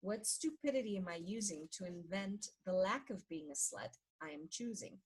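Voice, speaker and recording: Husky woman reading a book aloud. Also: medium pitch, lively intonation, rough recording. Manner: measured reading, slows down on repeated chant-like refrains. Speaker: reader of a book.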